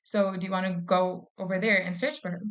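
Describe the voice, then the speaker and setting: A woman voicing a wise, caring female companion in a retold story, speaking gently and earnestly. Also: lowish voice, fairly even intonation, fairly quick, lightly acted.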